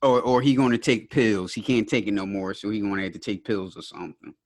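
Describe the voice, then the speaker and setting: A man's voice: on the low side, fairly even intonation, a little fast. A man co-hosting a podcast, chatting casually and chuckling as he jokes his way through his commentary. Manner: laid-back, chuckling, joking commentary. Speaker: podcast co-host. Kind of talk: casual chat.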